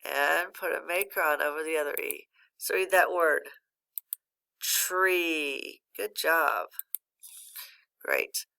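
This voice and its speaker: Slow, gravelly-voiced woman phonics teacher. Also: low voice, steady tone, pushed and bright. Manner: patient, encouraging, pauses for student answers. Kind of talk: recorded phonics lesson.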